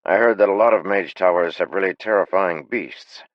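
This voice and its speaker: A man's voice: very deep voice, normal speed, no echo, dull audio. A man voicing a nervous, timid young male thief who speaks hesitantly. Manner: hesitant, tentative.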